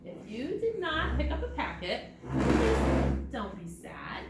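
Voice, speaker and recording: Animated woman leading a preschool storytime. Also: fairly high pitch, a little slow, vocal fry. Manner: animated, sing-song, exaggerated for small children. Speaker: children's librarian. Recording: distant, roomy, noisy recording.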